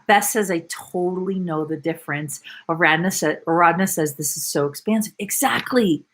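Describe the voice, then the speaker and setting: A woman coach talking to a live online audience, reading out viewer comments and speaking with animated, emphatic bursts and exclamations. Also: medium pitch.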